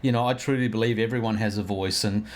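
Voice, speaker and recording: A man hosting a casual interview, halting and repeating words as he forms his questions. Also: on the low side, fairly even intonation. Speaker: interviewer and host.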